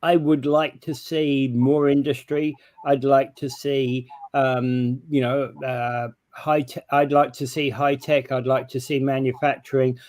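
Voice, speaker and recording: A man co-hosting a talk show, his pitch sitting in a middle range. The sound is dry and close, and he chats agreeably, quick to affirm what his partner says. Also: flat delivery, a little mellow, no echo. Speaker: co-host of a local talk show. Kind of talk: casual talk-show chat.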